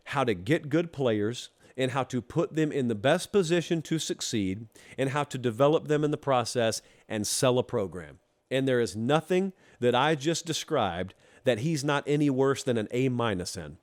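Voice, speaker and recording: A man from Georgia hosting a college football show, talking straight to the fans in a teasing, animated monologue. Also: medium pitch. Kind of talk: casual opinion monologue.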